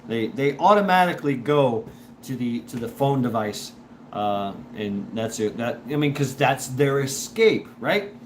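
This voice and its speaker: Chatty man with lively pitch over background noise. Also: unhurried. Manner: chuckling, stop-start, repeats words. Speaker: livestream host reading chat. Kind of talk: casual rambling livestream talk.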